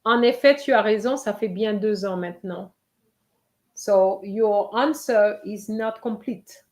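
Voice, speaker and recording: A woman teaching a live online French writing lesson, slowly reading out students' answers and encouraging them. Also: mid-range voice.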